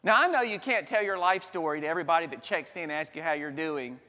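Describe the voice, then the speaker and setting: Male pastor, higher voice, earnest sermon with dramatic pauses, church reverb. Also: pushed and bright. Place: church sanctuary. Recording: long reverb of a church hall.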